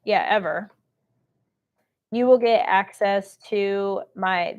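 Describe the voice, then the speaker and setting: A woman's voice: mid-range voice, takes it slowly, long pauses, darkish tone, dull audio. A woman hosting a live-streamed shopping show, talking chattily and salesy while reading out and answering viewer comments. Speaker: host of a live shopping stream on government contracting.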